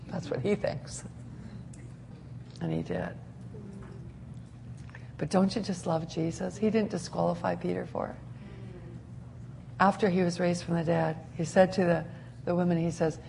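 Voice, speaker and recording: A woman preaching a sermon in an animated way, laughing often and acting out the scenes she describes. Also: medium pitch, normal speed, vocal fry, long pauses, slight background noise.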